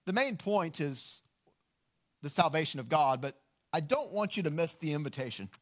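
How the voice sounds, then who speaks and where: High-voiced earnest male pastor preaching. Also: lively intonation. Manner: earnest, emphatic, slows down on key lines. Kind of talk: sermon.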